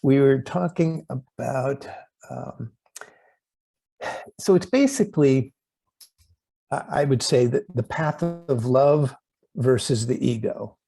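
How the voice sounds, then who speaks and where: A man hosting an interview over a video call, talking in a halting way with many restarts and fillers. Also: mid-range voice, gravelly, dark tone, husky, rough recording. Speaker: host. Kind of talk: casual interview chat.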